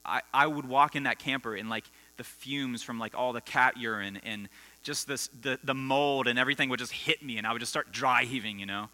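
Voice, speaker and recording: In a school assembly hall, a man with a medium-pitched, bright, forceful voice preaches a conversational sermon to students at a fairly quick pace, telling stories and quizzing his listeners. The recording carries a long hall reverb and mains hum.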